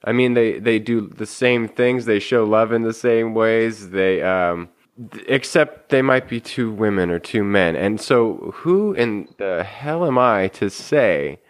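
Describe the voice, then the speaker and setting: A man's voice: fairly low pitch, measured pace. A man in a casual conversation, speaking earnestly and reflectively with frequent restarts.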